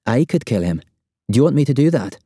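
A man's voice: fairly low pitch, animated, moderate pace, mellow, no room sound, studio quality, pitched above the performer's own voice, close to an everyday voice. A man reading an audiobook voices an exhausted woman secret agent who speaks in a clipped, tense way, barely holding back fury. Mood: furious.

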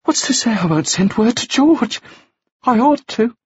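A man voicing a frightened jailer's wife who pleads in a breathy whisper. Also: very high voice, sing-song, measured pace, dull audio, voice pushed up, exaggerated voice.

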